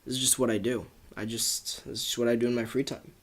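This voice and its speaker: A man's voice: mid-range voice, flat delivery, quick pace, close to an everyday voice. Man mumbling as a bored British rock-star ghost. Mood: bored, offhand.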